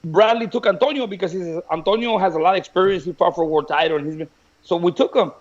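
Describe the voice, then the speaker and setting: A man who trains boxers, telling stories in a lively way in a casual chat, often restarting his sentences. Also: sits high, fast talker, dull audio. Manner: animated, tells stories with repeats and restarts. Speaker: boxing trainer.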